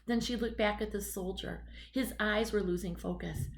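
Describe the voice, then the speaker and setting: Woman narrating with gravelly fry. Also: mid-range voice, slight background noise, poor audio. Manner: steady, measured storytelling. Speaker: audiobook narrator. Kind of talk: scripted narration.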